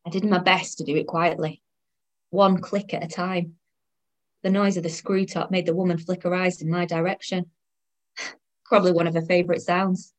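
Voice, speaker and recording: A woman's voice: lowish voice, fairly even intonation, moderate pace. A woman in her thirties narrating her own story in the first person, in a wry, weary tone. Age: 30s.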